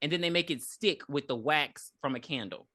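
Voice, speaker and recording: A woman's voice: deep voice, moderate pace. A woman co-hosting a casual movie recap podcast, swearing freely and laughing often. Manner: animated, profane, laughs often. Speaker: podcast co-host.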